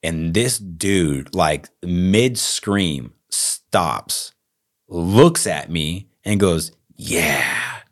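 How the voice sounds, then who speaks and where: A man with a Texas accent, co-hosting a podcast and telling a story in a casual, animated way, acting out the lines he quotes. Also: sits low, drawn-out words. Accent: Texan. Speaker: podcast co-host.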